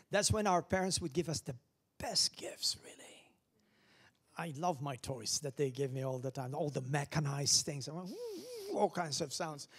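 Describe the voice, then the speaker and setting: A man preaching as pastor, animated, swinging from loud calls down to hushed whispers. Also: on the high side. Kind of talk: lively sermon.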